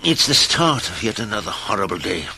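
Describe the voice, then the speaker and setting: A man's voice: lowish voice, sing-song, fairly quick, gravelly, bright, forceful tone, breathy edge, full character voice, poor audio. A man voicing a grumpy, complaining cartoon character who scornfully grumbles about everything. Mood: grumbling.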